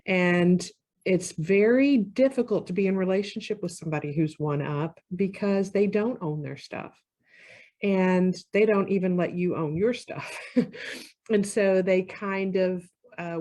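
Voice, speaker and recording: A woman therapist giving a conversational talk on relationships, now and then acting out what partners say. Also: fairly low pitch. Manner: conversational, acts out quoted partners with lively shifts. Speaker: marriage therapist. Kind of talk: educational talk to camera.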